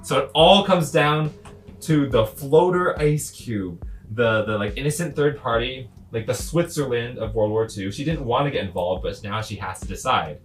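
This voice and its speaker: A man's voice: mid-range voice, normal speed, faint music behind. A man casually commenting on his own comics, chatty with lots of fillers. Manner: chatty, lively, frequent laughs and fillers.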